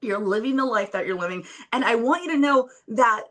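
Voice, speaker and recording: A woman's voice: fairly high pitch, lively intonation, fairly quick, a bit bright. A young woman on a phone video call, speaking as a podcast guest in an earnest, emphatic, preacher-like way. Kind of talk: motivational interview talk.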